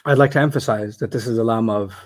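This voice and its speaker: A man's voice: medium pitch, quick pace. A man teaching Arabic grammar in a live class, quizzing students in a playful, joking way.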